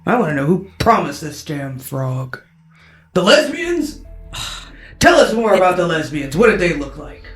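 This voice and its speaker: Woman, tabletop game player, animated, lively pitch, lowish voice. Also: unhurried, echoey room, faint music behind. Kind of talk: playful in-character game chat.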